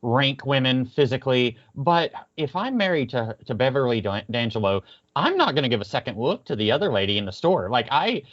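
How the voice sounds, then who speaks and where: A man's voice: mid-range voice, very animated, a little fast, a bit bright. A man chatting casually on a podcast, rambling with many fillers and restarts. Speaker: podcast co-host. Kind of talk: casual chat. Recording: muffled lo-fi audio.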